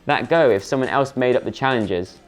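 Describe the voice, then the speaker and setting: A man's voice: medium pitch, brisk, faint music behind. A young man, reading a story game aloud as a gaming YouTuber, full of playful, jokey asides.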